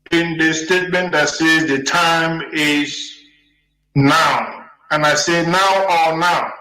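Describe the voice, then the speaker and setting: A man's voice: high-pitched, pushed and bright. A man hosting a radio broadcast, speaking rhetorically and repetitively, with fillers. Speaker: radio host. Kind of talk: broadcast host commentary. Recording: echoey room sound.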